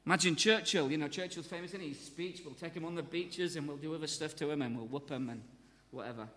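A man preaching a sermon with a light, fairly high voice. He is lively and jokey and slips into voices of crowds and speakers as he tells it. His words ring out with a long reverb, as in a large hall. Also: quick pace.

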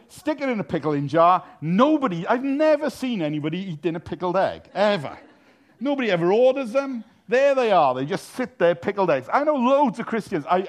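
A man preaching a sermon, telling funny stories with a self-deprecating, anecdotal manner. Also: sits high. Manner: humorous anecdotal, self-deprecating, laughs at own jokes. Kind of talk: sermon with storytelling.

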